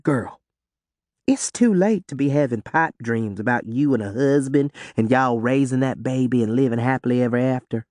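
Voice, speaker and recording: A man voicing a gruff, secretive woman who speaks in a slow, low, clipped dialect. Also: darkish tone, no echo, studio quality, close to an everyday voice. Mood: lecturing. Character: gruff, hard-drinking Southern woman, stern and secretive.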